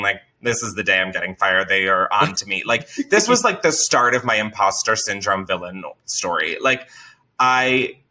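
Young male podcast host, animated storyteller, bright tone. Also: on the low side. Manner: animated, swearing, laughs a lot. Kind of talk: casual storytelling.

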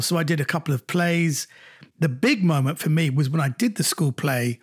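A man in his fifties from London, a comedian telling lively anecdotes over a video call from home and acting out the quotes. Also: fairly high pitch, fairly quick, husky. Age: 50s. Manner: animated storyteller acting out quotes. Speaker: guest comedian.

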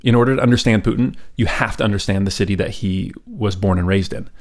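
Man, lowish voice, podcast host, casual storytelling, chatty asides, relaxed ums. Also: fast talker. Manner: conversational, with frequent ums and asides.

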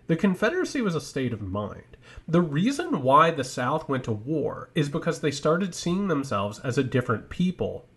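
A mid-pitched man from Indiana co-hosts a political discussion podcast. He talks in an emphatic, lecturing way and often throws in rhetorical questions. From Indiana, United States. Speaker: podcast co-host.

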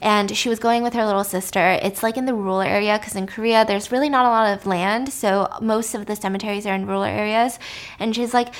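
A woman casually retelling the plot of a drama, animated and dropping to a whisper at tense moments. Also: mid-range voice, brisk. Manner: animated, drops to a whisper for suspense. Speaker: storyteller recapping a drama. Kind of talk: casual storytelling recap.

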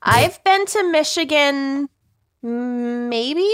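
A woman co-hosting a casual podcast chat, unhurried and laughing easily. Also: high voice, animated, fairly bright tone, no room sound, studio quality. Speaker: podcast co-host.

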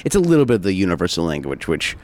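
A man's voice: sits low, huge pitch swings, rapid-fire, dry recording. A man hosting a podcast, chatting casually and rambling with lots of fillers and frequent laughter. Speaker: podcast host. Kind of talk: casual chat.

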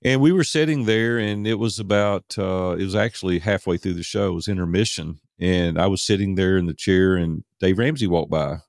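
A man's voice: sits low, a little fast, few pauses, no room sound, studio quality. A middle-aged man, a podcast guest, telling a candid personal story in an earnest, conversational way and repeating words for emphasis.

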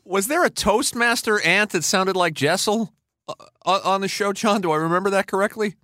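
A man's voice: sits high, normal speed, pushed and bright, no room sound, studio quality. A man co-hosting a podcast interview, eagerly asking questions and praising his guest. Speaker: podcast co-host. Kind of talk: casual interview.

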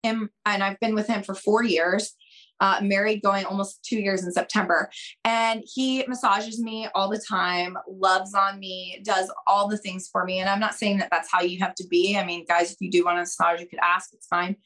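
A woman speaking as a podcast guest and dating coach. She talks straight to her listeners, stresses her points, and acts out conversations with big jumps in pitch. Her pace moves between quick bursts and slow, drawn-out emphasis. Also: level tone, fairly bright tone, low-quality recording.

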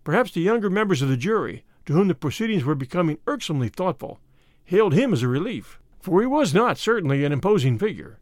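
A man narrating a classic short story in an expressive storytelling manner. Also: high-pitched, fast talker, no room sound, studio quality.

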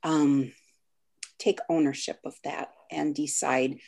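A woman talks about her work as a guest on a video call, at a slow and unhurried pace. Her voice sits low and her manner is earnest and thoughtful. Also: steady tone, gravelly, a little mellow. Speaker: author interviewed as a guest. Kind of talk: casual interview over video call.

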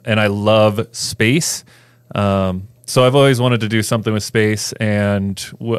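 Low, smooth-voiced man chatting loosely. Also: no echo. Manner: loose and rambling with many fillers. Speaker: snowboard filmmaker guest. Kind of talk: casual podcast chat.

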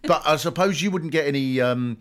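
A man's voice: a little high, a little fast, a bit bright. A man from England hosting a comedy podcast in casual joking chat. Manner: jokey, slips into mock voices. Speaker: podcast host.

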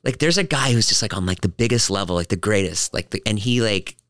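A man hosting a podcast, telling stories in casual chat and acting out quotes in high voices. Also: fast talker, no echo, studio quality. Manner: animated storyteller, acts out quotes in high voices. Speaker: podcast host.

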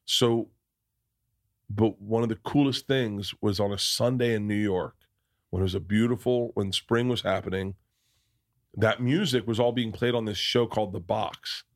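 A man's voice: on the low side, fairly even intonation, moderate pace. Rambling man telling stories as podcast host. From American South. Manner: rambling, restarts often, swears freely. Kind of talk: casual storytelling chat.

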